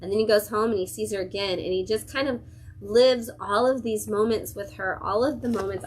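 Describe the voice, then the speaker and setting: A woman's voice: fairly high pitch, brisk. A young woman hosts a casual livestream from a comic shop, reviewing new releases. She talks in a chatty, gushing way, full of ums and likes. A faint background hum sits under her voice. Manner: enthusiastic, gushing, chatty with many fillers.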